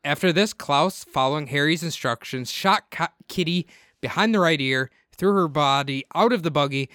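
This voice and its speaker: A man's voice: a little high, normal speed, fairly bright tone, dry recording, clean studio sound. A man co-hosting a casual true-crime podcast, reading the case from his notes and laughing often. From Minnesota. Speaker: podcast co-host.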